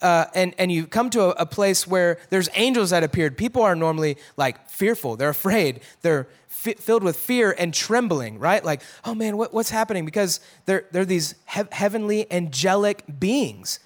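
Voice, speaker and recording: With a high, animated voice at normal speed and hardly any pauses, a man teaches a Bible passage casually and conversationally. He acts out the quotes in a raised voice and drops to a hush for emphasis.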